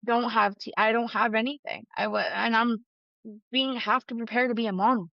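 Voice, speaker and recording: A woman's voice: a little high, moderate pace, gravelly, no room sound. Candid woman on a dull, dry recording. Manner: candid and emotional, with frequent fillers and laughs. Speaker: podcast guest. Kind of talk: casual conversation.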